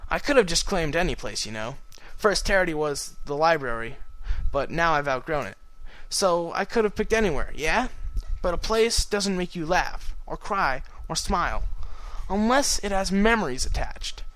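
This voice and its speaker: Earnest little dragon guy, man voicing him, kinda high and bouncy, protective and sure of himself. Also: animated, normal speed, a bit bright, rough recording. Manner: earnest, cheerful teasing. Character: young male baby dragon, earnest and protective.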